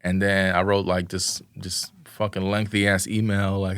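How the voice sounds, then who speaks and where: A man's voice: low voice, flat delivery, moderate pace, few pauses, a bit bright, clean tone, no echo, clean studio sound. Laid-back young man telling stories. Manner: loose, slangy storytelling with many fillers and acted quotes. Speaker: podcast guest, videographer. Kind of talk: casual interview chat.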